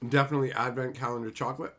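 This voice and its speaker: A man's voice: medium pitch, steady tone, very fast, pushed and bright. A man hosting a casual livestream, rambling and mocking with lots of swearing as he answers viewers in chat. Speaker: livestream host.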